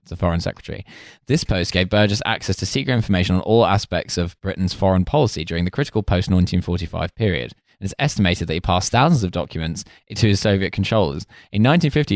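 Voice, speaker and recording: A man's voice: fairly low pitch, dry recording. Jokey male podcast host, dry close mic. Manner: jokey, laughing often, many fillers. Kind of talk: casual comedic chat, reading notes.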